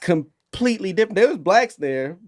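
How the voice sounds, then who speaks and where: A man's voice: high voice, lively intonation, moderate pace, slight background noise. A man in a casual group chat who tells stories with exclamations.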